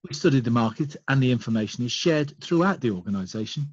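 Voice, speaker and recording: A man presenting a business webinar, explaining points in a measured way and listing them one by one. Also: medium pitch, lively intonation, a little mellow, slightly rough, no echo. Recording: dull lo-fi online call audio.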